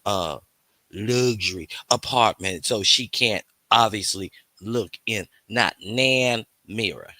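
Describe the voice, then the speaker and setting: Man's bright voice, chatty livestream host. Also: on the low side, no echo. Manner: playful and teasing, breaks into sung snatches; reads out chat names. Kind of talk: casual livestream chat.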